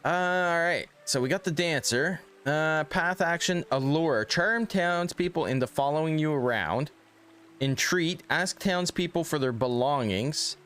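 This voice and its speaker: A man's voice: a little high, unhurried, fairly bright tone, smooth. A man streaming a video game, reading its text aloud with casual, joking asides. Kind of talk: casual let's-play commentary.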